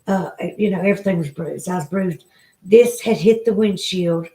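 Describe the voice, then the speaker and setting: A woman's voice: fairly low pitch, moderate pace, warm tone, poor audio. A woman with a Southern US accent chatting with viewers on a live stream, emotional and rambling. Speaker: vlogger. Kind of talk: casual live-stream chat.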